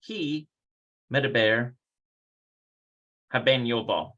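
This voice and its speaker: A man's voice: mid-range voice, takes it slowly, a bit bright, highs cut off. A man teaching a casual livestreamed language lesson, rambling, thinking aloud and correcting himself as he goes. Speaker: Hebrew teacher.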